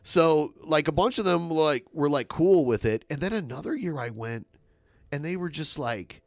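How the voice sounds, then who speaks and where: Midwestern man, rambling co-host, animated pitch, dry studio sound. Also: normal speed, creaky, no echo. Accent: Midwestern American. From American Midwest. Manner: rambling, lots of fillers, lively swings in pitch. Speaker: podcast co-host. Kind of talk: casual chat.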